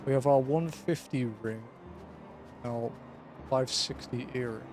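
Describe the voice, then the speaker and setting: A man's voice: mid-range voice, a little slow, over music. A man streaming a video game, chatting casually and laid-back, swearing and chuckling often. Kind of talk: casual gaming commentary.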